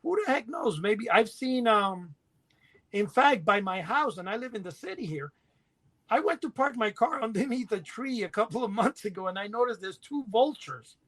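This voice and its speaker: A middle-aged man co-hosting a podcast, telling rambling stories in a casual, animated way and laughing as he goes. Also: high-pitched, moderate pace. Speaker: podcast co-host. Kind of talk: casual storytelling chat.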